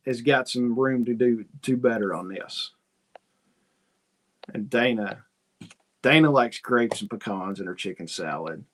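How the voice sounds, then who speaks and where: A man's voice: mid-range voice, fairly bright tone. A man hosting a casual livestream, reading viewer comments and telling rambling stories in which he acts out both sides of a conversation. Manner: folksy, rambling storyteller who acts out dialogue. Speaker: host.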